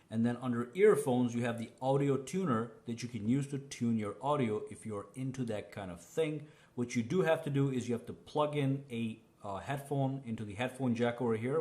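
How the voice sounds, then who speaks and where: A man's voice: medium pitch, a little mellow. A man giving a casual, step-by-step phone settings tutorial, talking the viewer through each menu with fillers and frequent "okay?" checks. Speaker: tech reviewer.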